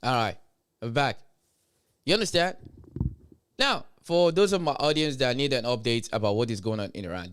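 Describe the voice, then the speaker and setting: A man streaming live, hosting a blunt, profane commentary rant with emphatic delivery. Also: medium pitch.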